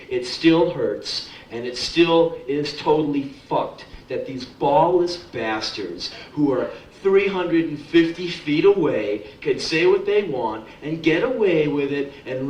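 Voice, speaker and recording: Profane, sardonic young man on stage. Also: on the high side. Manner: profane, sardonic, blunt storytelling. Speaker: spoken word performer. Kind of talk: live spoken word monologue. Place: live music club. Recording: echoey club from a distance, faint crowd noise.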